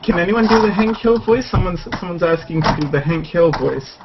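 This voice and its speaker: Over music, this livestream host talks in a high, animated voice at a brisk clip, chatting and joking with friends in a relaxed way through a computer mic. His stream sound is muffled and lo-fi, carrying a slight hiss.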